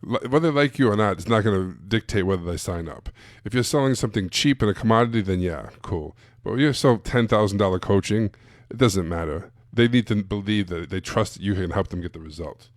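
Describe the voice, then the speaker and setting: A man's voice: on the low side, lively intonation, fairly quick, hardly any pauses, no room sound, clean studio sound. A man giving a blunt, casual live-streamed coaching talk to sales coaches, full of emphatic asides.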